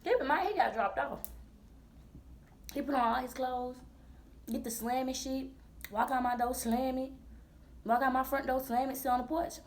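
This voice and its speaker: A woman in her twenties, a vlogger telling a storytime in a blunt, profane, animated way full of slang. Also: high-pitched, normal speed, long pauses. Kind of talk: storytime vlog.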